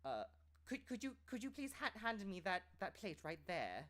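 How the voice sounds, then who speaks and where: A man's voice: high voice, wildly swooping pitch, normal speed, a bit bright, voice pushed up, exaggerated voice. A man putting on an uptight, old-fashioned posh upper-class Englishman with an exaggerated posh English accent, nasal and prissy. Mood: snooty. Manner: prissy, overly proper.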